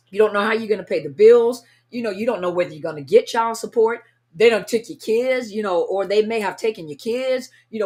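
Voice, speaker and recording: A woman's voice: mid-range voice, brisk. Earnest woman teaching about grief. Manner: earnest, repetitive, acts out inner voices. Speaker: coach on narcissist abuse recovery. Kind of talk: unscripted teaching talk.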